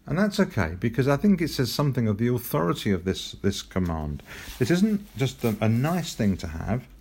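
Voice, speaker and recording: A man preaching a sermon in an earnest, gentle way, pausing for emphasis. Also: mid-range voice, very animated, slightly rough. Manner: earnest, gentle, with frequent restarts and emphatic pauses.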